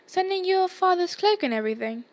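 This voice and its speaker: A woman's voice: very high voice, lively intonation, fairly quick, pitched above the performer's own voice. A woman reading aloud, voicing a blunt, offhand schoolboy in a storybook chapter. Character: blunt schoolboy, casual and gloomy.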